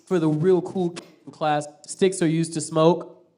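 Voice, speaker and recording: A stand-up comedian works a small theater crowd through a stage mic. His voice sits a little high for a man. He tells crude stories packed with swearing and bounces lines off the audience. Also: little pitch movement, unhurried, warm tone. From Tulsa, Oklahoma.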